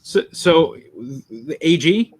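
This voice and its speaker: A man's voice: a little high, expressive, takes it slowly. A man answering briefly as a guest on a live stream over a video call. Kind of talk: casual chat. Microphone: video call without headphones.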